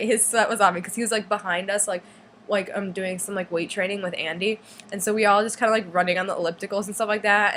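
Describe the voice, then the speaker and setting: A teenage girl tells a long story straight to the camera. She rambles and gets excited, and fillers run all through her talk. Her voice sits at a middle pitch, with a faint hiss in the background. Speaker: vlogger. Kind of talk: casual storytelling.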